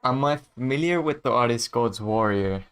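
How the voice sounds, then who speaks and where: A man's voice: mid-range voice, moderate pace, fairly bright tone, clear, resonant tone. A man chatting casually on his livestream as a music producer, laid-back and chuckling often, trailing off mid-sentence.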